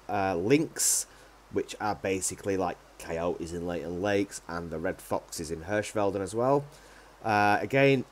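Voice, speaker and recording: A man's voice: on the low side, a little hiss or hum. A man casually commenting on his hunting game play, rambling and hesitant with many ums. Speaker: gaming channel host.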